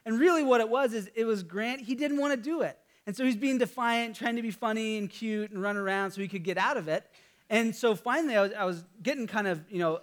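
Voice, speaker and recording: A man's voice: high voice, a bit bright. A man in his thirties, a pastor, preaching a sermon in a conversational storytelling way, with fillers and restarts.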